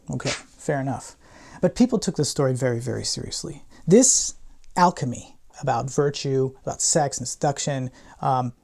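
A man's voice: medium pitch, creaky, mellow. A male professor giving a classroom lecture in a playful, irreverent way, with slangy asides and theatrical readings of quoted passages.

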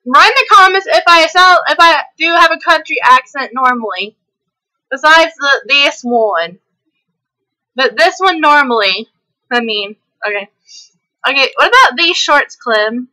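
A woman's voice: high voice, animated, unhurried, bright, forceful tone, poor audio. A woman hosting a gameplay video, chatting hyperly and laughing often, sometimes slipping into a country twang. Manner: slips into a country twang at times. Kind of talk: casual chat while playing.

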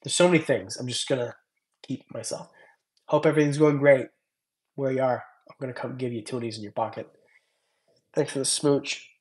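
A young man chats casually on his reptile channel's livestream, reading comments, thanking viewers by name, and rambling. He speaks fairly quickly at medium pitch with fairly even intonation, though he takes long pauses.

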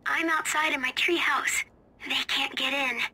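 A woman voicing a scared little girl hiding alone, speaking quietly and timidly. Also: high voice, fairly even intonation, unhurried, dry recording, exaggerated voice.

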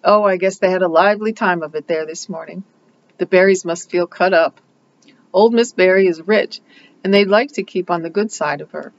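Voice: mid-range voice, normal speed, muffled recording, slight background noise, lightly acted. A reader voicing a gossipy, self-assured older woman neighbor from a storybook, emphatic and scolding. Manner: emphatic, scolding, repeats a pet phrase.

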